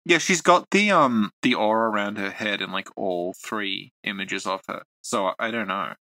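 A man's voice: fairly low pitch, normal speed, pushed and bright, no room sound. A man co-hosting a casual podcast about game lore, talking in a hesitant way with lots of fillers and restarts. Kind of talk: casual chat.

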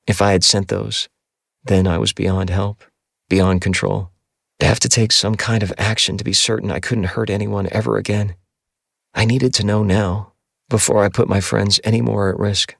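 A man reading a first-person novel aloud in a measured, somber audiobook narration. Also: on the low side, level tone, creaky, fairly bright tone, dry recording, studio quality.

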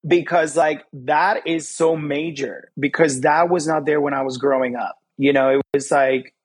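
A young adult man from Fort Lauderdale, telling personal stories as an interview guest in quick, animated bursts. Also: a little high, husky. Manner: animated, quick bursts, acts out quoted voices. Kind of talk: candid personal storytelling.

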